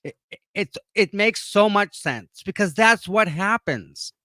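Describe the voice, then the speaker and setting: A man's voice: high voice, lively intonation, a little slow, sharp tone, dry recording, studio quality. A man agreeing emphatically in a casual discussion.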